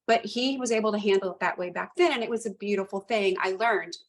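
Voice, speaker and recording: Animated woman telling a work story. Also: mid-range voice, fast. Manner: animated, emphatic, repeats phrases for effect. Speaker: retired police lieutenant, guest. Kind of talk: conversational storytelling.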